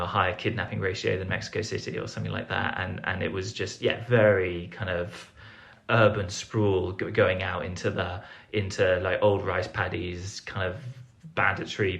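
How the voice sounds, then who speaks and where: A man's voice: low voice, level tone, a little fast, gravelly, hardly any pauses, a bit bright. A young man telling a rambling, self-deprecating story as a podcast guest, full of fillers and restarts. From England. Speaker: podcast guest, foreign correspondent. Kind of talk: casual storytelling interview.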